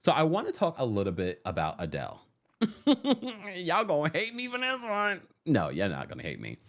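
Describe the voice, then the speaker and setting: Pop culture host, casual commentary, dramatic, lively pitch, laughs often. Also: normal speed.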